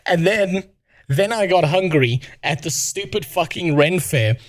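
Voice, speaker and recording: A man's voice: on the high side, expressive, a little slow, no echo. A man in his thirties with a South African accent, telling an exasperated, profane story to his stream chat. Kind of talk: casual ranting to stream chat.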